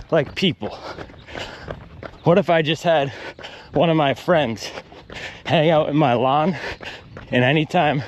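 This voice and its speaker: Outdoors on a run, a man with a fairly high-pitched voice vlogs casually, tossing out wry rants between strides. A little hiss or hum sits under the recording.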